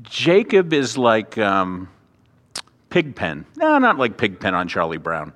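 In a slow, lowish voice, a man preaching as pastor gives an expository sermon, conversational and animated. He makes self-deprecating asides and performs the characters' voices, with reverberant hall sound.

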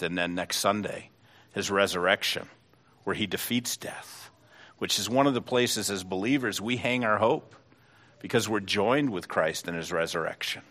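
A middle-aged man preaching a sermon as pastor, fervent and building to loud emotional peaks, then praying. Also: low voice.

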